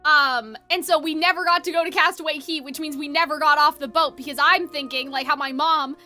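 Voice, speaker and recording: A young woman streamer telling a long story in casual chat, rambling and animated with many fillers. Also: high voice, fast, soft background music.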